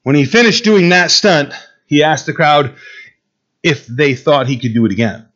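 A man's voice: a little high, moderate pace, fairly bright tone, dull audio. A man preaching a sermon to a Bible class, emphatic, asking his listeners questions and repeating key phrases. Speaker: pastor teaching a Bible class.

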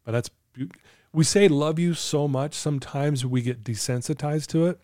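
Earnest man with a warm, dry voice. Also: fairly high pitch, moderate pace, dry recording. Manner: earnest, coaching tone with anecdotes. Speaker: podcast guest. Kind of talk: casual podcast chat.

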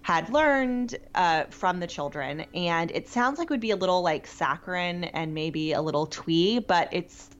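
Chatty podcast co-host, woman, lower voice, lo-fi recording. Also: animated, unhurried, few pauses. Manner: chatty, enthusiastic, many fillers. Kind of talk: casual chat. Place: New York. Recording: dull lo-fi sound.

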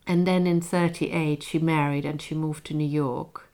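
A woman's voice: low voice, steady tone, unhurried, a little mellow. A woman chatting casually as a co-host, thoughtful and a little hesitant, telling stories at length. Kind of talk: casual chat.

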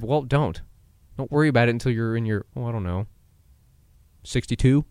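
A man's voice: mid-range voice, moderate pace, pauses often, clear, resonant tone, no echo, studio quality. A man in his twenties hosting a solo podcast, talking casually and giving pep-talk advice, acting out quotes and laughing at himself. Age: 20s. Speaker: podcast host.

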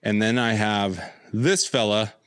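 A man's voice: lowish voice, steady tone, measured pace, fairly bright tone, clean tone, no echo, studio quality. A man hosting a casual chat, rambling and joking as he shows off collectibles. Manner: rambling, jokey, breaks into silly voices. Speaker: host.

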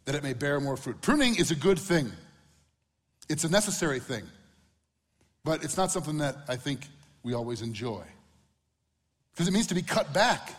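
A man's voice: fairly high pitch, very animated, moderate pace, pauses often, big-room sound. A middle-aged man preaching a sermon in a conversational way, acting out quotes with humor. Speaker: pastor.

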